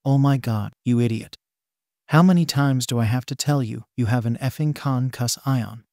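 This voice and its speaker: A man voicing a hot-tempered, foul-mouthed teenage boy who talks gruffly and curses in exasperation. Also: medium pitch, moderate pace, a little mellow, no echo, studio quality, close to an everyday voice. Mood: irritated.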